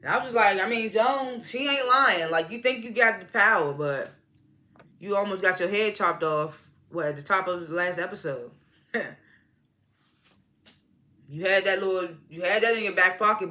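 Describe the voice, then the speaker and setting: Brief: man, TV episode reviewer, casual slangy recap, fairly high and forceful voice, profane, laughs a lot. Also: normal speed. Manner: slangy, profane, laughs often while recounting scenes.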